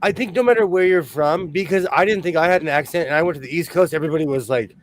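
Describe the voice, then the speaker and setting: Fast-talking chatty man from Los Angeles. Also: a little high, slight background noise. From San Fernando Valley, Los Angeles. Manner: quick, chatty, laughs often, reads viewer comments aloud. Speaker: co-host of a sewing livestream. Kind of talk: casual livestream chat.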